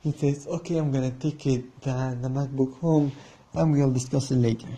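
A man's voice: mid-range voice, steady tone, normal speed, mellow, husky. A man hosting a podcast, telling a personal story in a casual rambling monologue, acting out both sides of a haggle. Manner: rambling, restarts, acts out the other side of a haggle. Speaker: podcast host.

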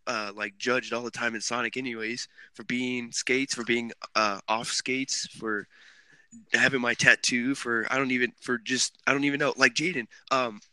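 A young man hosting a casual podcast chat, telling animated stories with lots of swearing. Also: medium pitch, moderate pace, clear, resonant tone, no room sound. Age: young adult. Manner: animated, swearing, laughing storyteller. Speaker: podcast host.

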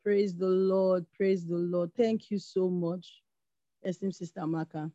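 A woman's voice: on the low side, steady tone, a little slow, warm tone, no room sound, highs cut off. A woman who leads worship and gives an earnest, devout testimony of thanks. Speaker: worship leader. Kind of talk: grateful testimony on a call.

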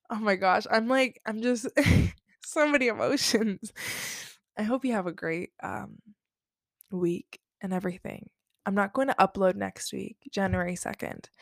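A woman's voice: medium pitch, gravelly, dry recording, clean studio sound. A young woman hosting a spiritual podcast, talking casually and effusively and swearing freely. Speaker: podcast host.

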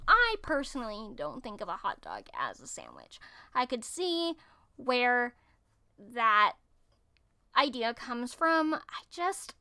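Reading food trivia off a screen, this female host comments casually as she goes, tripping over words and fixing them. Her voice sits fairly high, bright and forceful.

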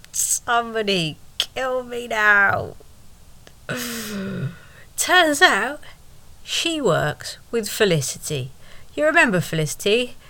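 A woman telling a personal story at an unhurried, drawn-out pace. Her voice is bright and her delivery is wry and sarcastic, with asides thrown to the listener. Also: fairly low pitch. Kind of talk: first-person storytelling monologue.

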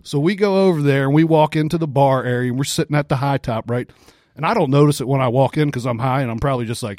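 A man co-hosting a podcast, telling a story in a casual, profane, animated way with frequent laughs. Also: mid-range voice, fast talker, no echo, clean studio sound. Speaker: podcast co-host.

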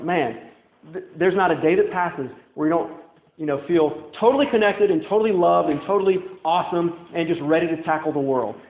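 A man with a high voice delivers a conversational sermon and puts questions to his congregation. The sound is thin and phone-like, and it echoes around the church. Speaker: pastor.

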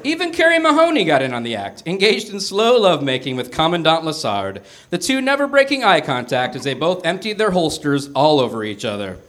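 A man reading a comic story aloud on a small theater stage before a live audience, with an animated delivery. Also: fairly high pitch, a little fast, hardly any pauses. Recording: noisy live stage recording.

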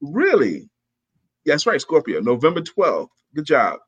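A man's voice: fairly high pitch, wildly swooping pitch, a bit bright, breathy edge. Upbeat man hosting a morning chat. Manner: upbeat, laughs often, slow emphatic reading. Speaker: host. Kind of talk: casual chat and reading aloud.

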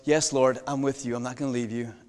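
A man's voice: mid-range voice, fairly even intonation, fast talker, a little mellow, pitched below the performer's own voice, close to an everyday voice. A man voicing Moses as a humble, earnest prophet who keeps agreeing to what he is asked, heard with long hall reverb. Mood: quiet resolve. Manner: earnest, plainspoken pledges.

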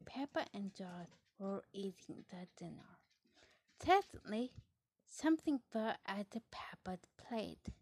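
A woman reading a children's picture book aloud, soft and often dropping into a hush. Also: medium pitch, breathy edge, dry recording. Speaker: storybook reader.

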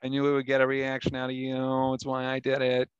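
A man voicing a smug, cruel male alien warlord in a nerdy, nasal voice with flat, deadpan boasting. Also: medium pitch, a little fast, smooth, dry recording, lo-fi sound, natural voice. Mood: taunting.

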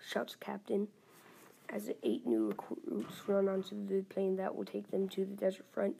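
A woman reading a war adventure story aloud, halting and correcting herself as she goes. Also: medium pitch, level tone, vocal fry, warm tone, breathy edge. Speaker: story reader.

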